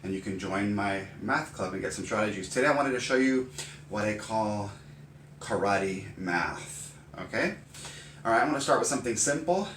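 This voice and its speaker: A middle-aged man walks teachers through a math routine, calling out each term and hammering it home with a loud karate grunt. He sounds like he is standing back from the mic in a roomy space, with a faint hiss underneath. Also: on the low side, animated, moderate pace, far from the mic. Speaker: math and writing consultant.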